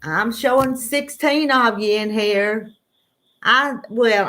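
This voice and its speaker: Her voice is a little high and somewhat bright, with lively intonation and an unhurried pace. She's a Southern-accented woman hosting an early-morning livestream, casually rambling and welcoming viewers by name.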